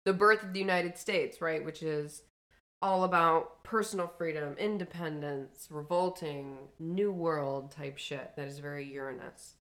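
A woman's voice: low-pitched, unhurried, fairly bright tone. A woman co-hosting a podcast in casual, joking chat, swearing freely as she explains things. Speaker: podcast co-host.

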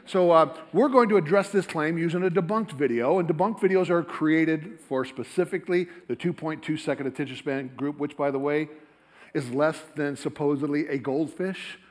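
A man giving a lively, rapid-fire, joking talk to a live audience in a lecture hall. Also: a little high. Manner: rapid-fire, animated, jokey, talks to the crowd. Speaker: creationist speaker.

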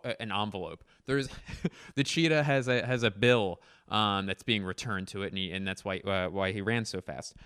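A man's voice: mid-range voice, fairly bright tone, clear, resonant tone, no room sound, studio quality. A young man reading aloud his childhood animal stories and joking about his old drawings in a rambling, self-mocking way. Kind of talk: casual commentary.

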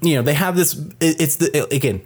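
A man's voice: a little high, fast. A man co-hosting a film review podcast, talking in casual chat that rambles with lots of swearing, restarts and "like", and slips into acting out characters' lines. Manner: rambling and profane, full of restarts and "like"; animated, acts out characters' lines mid-sentence.

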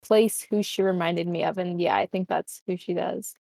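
A woman's voice: on the low side, fairly even intonation, normal speed, creaky, dark tone, dry recording. A young woman in casual chat, hesitant and tentative, with many fillers.

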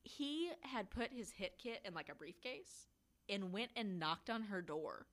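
A woman's voice: mid-range voice, very animated, a little slow, a bit bright. A woman co-hosting a casual true-crime podcast, telling the story loosely with lots of swearing and acted-out quotes. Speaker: podcast co-host.

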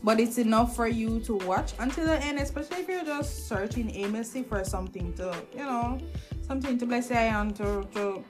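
A woman with a fairly high voice hosts a podcast reviewing shows, talking a little fast over background music. Her casual chat is opinionated, and she often restarts her sentences.

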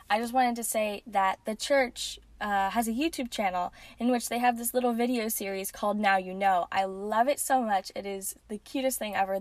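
A woman with a fairly high-pitched voice hosts a podcast, recorded dry, giving a casual religious lesson in an earnest way with frequent ums and restarts.

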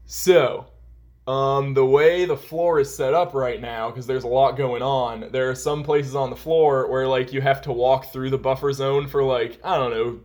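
A young man rambles through a work anecdote on a casual podcast, piling on fillers as he goes. His voice sits at an ordinary middle pitch, and he talks like he is chatting with a friend. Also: fairly even intonation, unhurried, a little mellow. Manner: rambling, heavy use of "like" and "um". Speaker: podcast co-host. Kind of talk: casual storytelling chat.

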